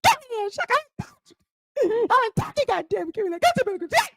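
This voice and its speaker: Mad cussing lady yelling fast and high, a woman doing the voice. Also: big pitch swings, vocal fry, no room sound, clean studio sound, full character voice. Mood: angry. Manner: yelling, profane.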